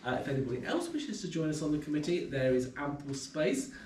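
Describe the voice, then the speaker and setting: Running a club meeting in a pub room, this Englishman talks fast in a fairly high, slightly mellow voice that swings widely in pitch. His introductions are casual and halting, full of ums. A distant camera mic gives a roomy recording with a little background room noise.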